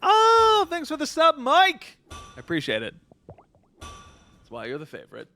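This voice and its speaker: A man doing excitable live commentary while streaming a video game. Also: extremely high pitch, measured pace. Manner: excitable, exclamatory. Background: game music.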